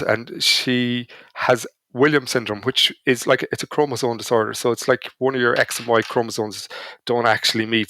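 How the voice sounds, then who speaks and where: A man with an Irish accent tells stories as a podcast guest, keeping things casual and self-deprecating. He has a medium pitch and a sharp tone, and the recording has no echo.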